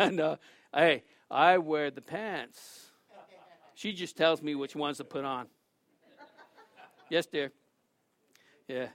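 A middle-aged man preaching a sermon as pastor, telling stories with lively acted-out quotes and laughter. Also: fairly high pitch, slow pace. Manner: animated storytelling, acts out quotes with shouts and laughs.

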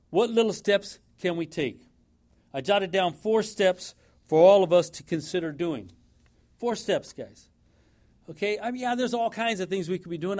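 A man's voice: sits high, darkish tone. A man preaching a sermon in a church, emphatic and repeating his points for effect.

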